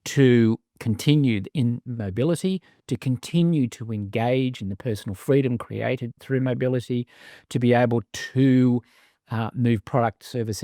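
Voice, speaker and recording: A man's voice: medium pitch, dark tone, no room sound, clean studio sound. Wry man, articulate business leader. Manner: articulate, wry and self-deprecating, with frequent restarts. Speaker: CEO of a business sustainability council. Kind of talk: podcast interview.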